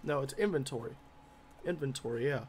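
A man's voice: medium pitch, a little fast, a little mellow, a little hiss or hum. A man giving gameplay commentary as a gaming YouTuber, grumbling and easily irritated.

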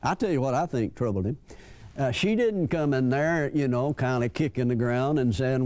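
A man's voice: on the high side, animated, normal speed, a little mellow. An older man preaching a folksy sermon, chuckling and acting out the people he quotes.

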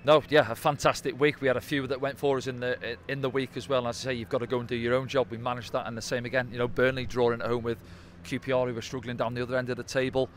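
A man talks football at a quick clip, breaking down a match casually and tossing in little tag questions. His pitch sits mid-range. Faint traffic noise hums behind him outdoors. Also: flat delivery. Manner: conversational, tag questions like "didn't they?". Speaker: football pundit. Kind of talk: post-match analysis chat.

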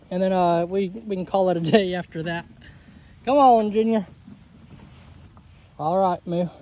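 A man vlogging outdoors on his farm, chatty and excitable as he coaxes his animals. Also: high voice. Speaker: homestead vlogger. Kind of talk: casual vlog chat.

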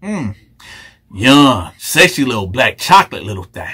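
A man telling a story in a casual, animated, slangy way, with joking asides to his viewers. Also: mid-range voice, a little slow, breathy edge. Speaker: YouTube storyteller.

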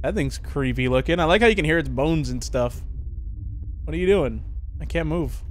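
A man giving chatty, excitable commentary while playing a horror game, reacting out loud as he goes. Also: a little high, normal speed, slight background noise. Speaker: gaming YouTuber.

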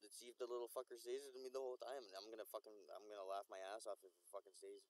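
A man's voice: fairly low pitch, flat delivery, very fast, hardly any pauses, no echo. Young man, casual monologue to camera, profane, rambling, repeats himself, recorded outdoors. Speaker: vlogger.

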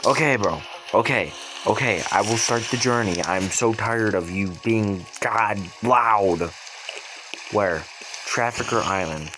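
A man's voice: on the low side, slow, background noise. A young man streaming a mobile game, muttering and swearing at it as he plays. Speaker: gaming streamer. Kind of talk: casual gameplay commentary. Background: game music.

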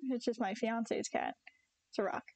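A woman's voice: fairly high pitch, steady tone, moderate pace, gravelly, a little mellow. A young woman streaming a farming game, chatting casually and giggly with her viewers and her cats. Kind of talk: casual live-stream chat.

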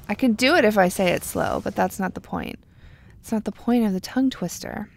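A young woman casually commenting on her gameplay, chatty and wry, sometimes dropping to a quiet murmur. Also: mid-range voice, animated, moderate pace, creaky. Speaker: gameplay video host. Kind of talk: casual let's-play commentary.

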